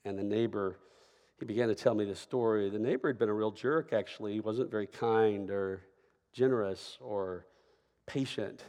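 A man's voice: lowish voice, moderate pace, darkish tone. A middle-aged man preaching a sermon as a pastor, telling a story conversationally and often checking in with "right?". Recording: long reverb of a large hall.

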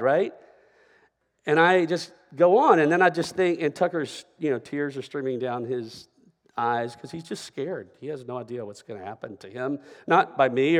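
A middle-aged man preaching a sermon as a pastor, telling a story conversationally and often checking in with "right?". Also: a little high. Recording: long reverb of a large hall.

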